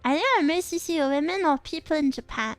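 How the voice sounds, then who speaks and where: Giggly high-voiced young woman streamer. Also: fairly quick, no room sound, soft background music. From England. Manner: giggly, rambling, animated storytelling. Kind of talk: casual chat reading viewer comments.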